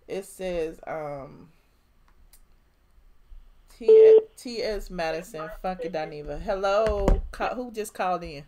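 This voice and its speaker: A woman's voice: fairly low pitch, a little mellow, slight background noise. A woman hosting a gossip commentary show, chatty and full of sarcastic quips. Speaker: host.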